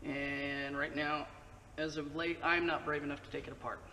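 A man's voice: a little high, little pitch movement, moderate pace, bright, forceful tone. A man hosting his own motorcycle channel, talking casually through a how-to with chatty, joking asides. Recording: distant echoey mic, faint noise.

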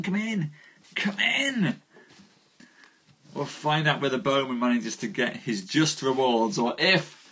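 Man, husky voice, storyteller, chatty livestream host, jokey greetings by name, phone stream. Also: on the high side. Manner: warm, jokey, greets viewers by name with lively rises. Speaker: storyteller hosting a live reading.

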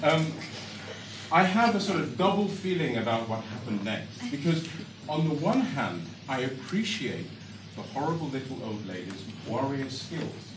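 Animated male comic storyteller. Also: medium pitch, a little slow. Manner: animated, comically exaggerated telling. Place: storytelling stage before a live audience. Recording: echoey hall from a far mic, audience noise.

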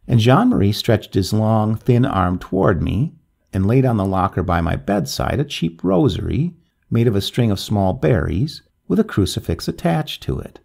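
A man narrating a classic tale in a measured, expressive reading. His low voice swings widely in pitch and carries a gravelly, husky texture. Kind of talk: scripted story narration.

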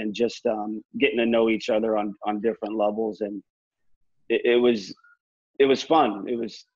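A man, a podcast guest, reflecting in casual chat, halting with frequent restarts. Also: mid-range voice, no room sound. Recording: dull, dry, lo-fi audio.

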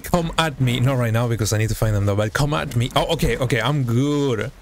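A young man streaming a survival game, commenting live, excitable, yelping and talking to the creatures on screen. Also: mid-range voice, fairly quick, slight background noise. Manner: excitable, yelps and talks to the game. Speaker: gaming streamer.

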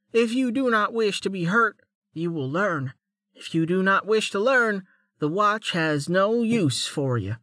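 Man putting on a gruff menacing old mentor. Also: sits high, pushed and bright, dry recording, studio quality, pitched above the performer's own voice, exaggerated voice. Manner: stern, measured, menacing. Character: gruff harsh male mentor, cold and threatening.

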